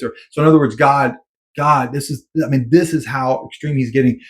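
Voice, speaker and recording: A man talking through a scripture passage in a relaxed, conversational way. He sounds earnest and unpolished, often pausing on "um" and restarting his sentences as he explains. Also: mid-range voice. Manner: informal, earnest, many fillers and restarts. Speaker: Bible commentator. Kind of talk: conversational Bible commentary.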